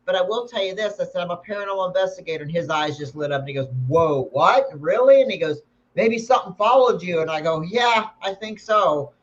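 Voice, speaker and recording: A woman's voice: lowish voice, fast. A woman who is a paranormal investigator, casually telling a story and acting out each person's lines. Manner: animated storyteller acting out dialogue. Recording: dull lo-fi sound with faint noise.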